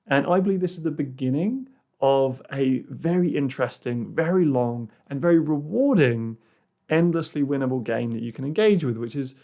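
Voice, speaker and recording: Speaking at a normal pace, a man alone on his personal growth podcast tells about a client, stumbling through fillers and restarts. His voice turns soft and low when he quotes the exercise.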